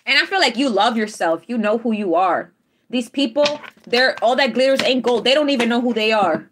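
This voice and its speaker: A woman's voice: a little high, expressive, a little fast, a little hiss or hum. Emphatic woman giving a live tarot reading. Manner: emphatic, repeats affirmations, checks in with "all right?". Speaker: tarot reader.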